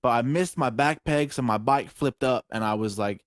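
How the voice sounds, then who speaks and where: A young man co-hosting a podcast, telling a story in animated, swear-heavy casual chat with sudden shouts and laughs. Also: mid-range voice, moderate pace, no room sound, clean studio sound. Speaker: podcast co-host.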